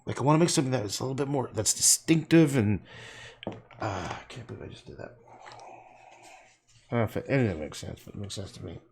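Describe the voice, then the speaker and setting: A man's voice: mid-range voice, animated, fast talker, gravelly, long pauses, a little mellow, a little hiss or hum. A man painting on a livestream, talking casually in a rambling way, swearing and muttering to himself as he works.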